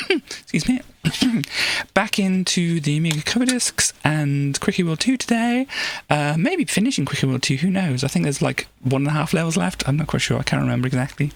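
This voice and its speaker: A woman's voice: sits low, animated, moderate pace, vocal fry, a little hiss or hum. A woman streamer chatting casually on a live stream, rambling with frequent restarts and laughs, now and then slipping into playful put-on voices. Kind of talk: casual livestream chat.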